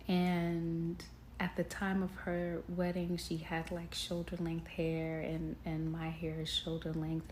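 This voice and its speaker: A woman's voice: fairly low pitch, a little mellow. A young woman hosting a podcast, telling a personal story in a candid, emotional way, laughing often and calling listeners y'all. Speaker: podcast host. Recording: echoey room, faint background noise.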